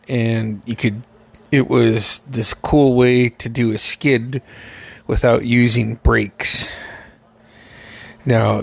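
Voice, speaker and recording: Brief: male podcast host, gravelly voice, mid-pitched, loose and profane storytelling. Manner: profane, rambling, laughing often. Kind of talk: casual storytelling.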